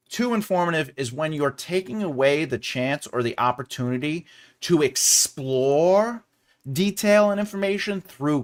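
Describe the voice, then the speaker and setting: A man with a New York accent hosting a live-stream writing lesson, chatting with viewers and laughing often. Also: on the high side.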